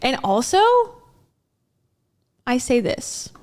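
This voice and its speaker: A chatty woman with a slightly high voice hosts a casual commentary stream. She rambles through her points, filling the gaps with "like" and "uh" and laughing as she goes. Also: big pitch swings, slow pace, darkish tone. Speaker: commentary host.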